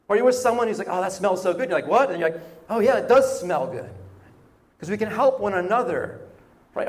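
A man preaches in a loose, conversational way, tossing in "right?" and restarting his phrases. His voice sits notably high for a man. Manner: conversational, frequent "right?" and repeated words. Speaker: pastor. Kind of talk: sermon.

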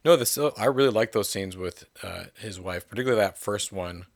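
A man in a casual film discussion, relaxed and agreeable with some casual swearing. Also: on the low side, a little fast, vocal fry, no room sound, studio quality.

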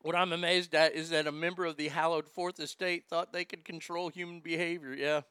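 A man's voice: fairly high pitch, level tone, fairly quick, pushed and bright, clean tone, dry recording, clean studio sound. A man hosting a talk show, ranting bluntly and sarcastically with plenty of profanity, and reading listener comments aloud. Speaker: radio talk show host.

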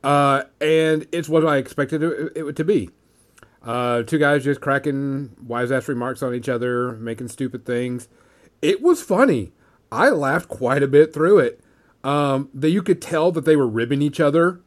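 A man's voice: mid-range voice, a little slow. A man co-hosting a casual movie chat, easygoing and enthusiastic, with hesitant fillers. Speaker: podcast co-host.

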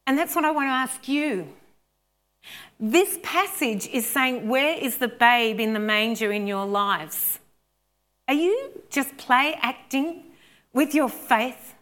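Unhurried Australian woman preaching. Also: on the high side, lively intonation, sharp tone. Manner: chatty storytelling, rising to fervent appeals. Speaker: pastor. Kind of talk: sermon.

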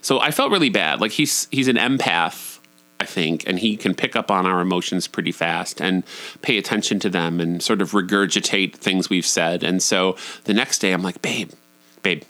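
A man's voice: moderate pace, sharp tone. Candid man telling a personal story. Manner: candid and profane, with sudden high jumps in pitch.

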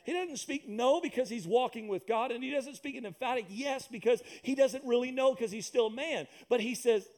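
A man with a very high-pitched, darkish voice preaches at normal speed, hardly pausing at all. As pastor, he gives an emphatic, repetitive sermon through the church loudspeakers, adding asides and jokes for the congregation.

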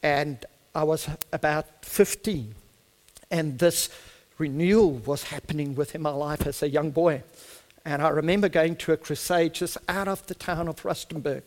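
A man's voice: a little high, steady tone, normal speed, long reverb tail. A middle-aged man with a South African accent, an Afrikaans speaker, preaching a sermon with fervent delivery that builds to emphatic peaks.

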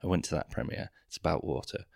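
A man's voice: quick pace, a little mellow, no echo, studio quality. A young man, hosting a podcast with a profane, self-mocking, rambling comic monologue full of tangents. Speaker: podcast host. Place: London.

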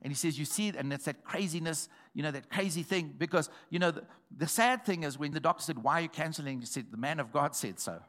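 A man preaching a sermon, telling a testimony in a storytelling way that builds to shouted exhortation. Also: fairly high pitch, quick pace, hardly any pauses.

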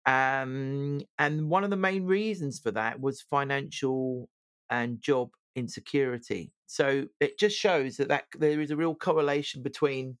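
A man's voice: mid-range voice, measured pace, fairly bright tone, clear, resonant tone, no room sound. A man co-hosting a casual chat show, talking loosely with many fillers and restarts. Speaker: podcast co-host.

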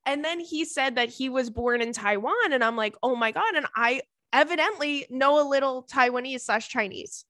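A young adult woman hosting a podcast, telling stories in a casual, animated way, laughing often and acting out what her friends said. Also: high-pitched, moderate pace, hardly any pauses, dry recording, studio quality. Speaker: podcast host. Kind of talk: casual storytelling chat.

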